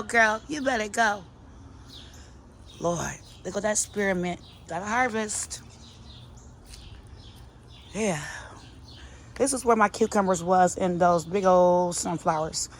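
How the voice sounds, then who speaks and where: A middle-aged gardening vlogger films on her phone while walking through her outdoor garden, chatting sassily to her plants, her viewers, and herself. Her voice is on the low side, and the recording has a slight hiss or hum.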